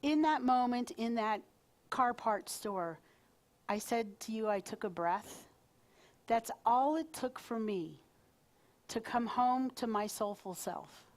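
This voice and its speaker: A woman's voice: on the high side, slow pace. A woman minister giving a live sermon to her congregation, talking in a conversational, playful way with asides to the crowd. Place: spiritual center service in front of a congregation.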